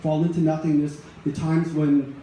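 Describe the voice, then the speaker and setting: A middle-aged man tells a personal story to a live crowd, rambling and conversational, full of restarts and asides. His voice sits a bit high but sounds mellow and warm. The room around him is very echoey, with a faint hum of ambience underneath. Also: flat delivery, normal speed.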